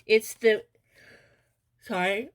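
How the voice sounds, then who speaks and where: A woman doing a casual pick-a-card tarot reading, often laughing and pausing with fillers. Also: mid-range voice, fairly even intonation. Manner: giggly, halting with many fillers. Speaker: tarot reader.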